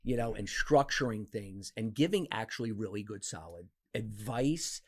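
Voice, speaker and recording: A man in his fifties from New Jersey, a podcast guest telling stories from his life in a casual, animated way. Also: moderate pace. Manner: animated, acts out quoted voices with big pitch jumps. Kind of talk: casual storytelling interview.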